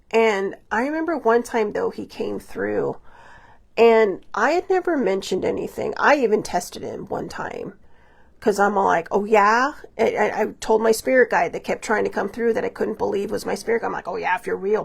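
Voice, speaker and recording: A woman's voice: mid-range voice, gravelly, husky. A woman hosting her own podcast, talking through personal stories in a rambling, confiding way, full of fillers and restarts, and acting out quoted dialogue. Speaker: podcast host. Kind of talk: personal reflective monologue.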